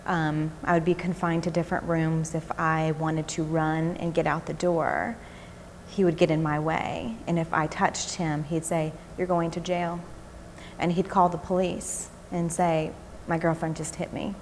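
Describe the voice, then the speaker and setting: A woman recounting her own experience in a documentary interview, speaking haltingly with fillers and restarts. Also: sits low, flat delivery, a little hiss or hum.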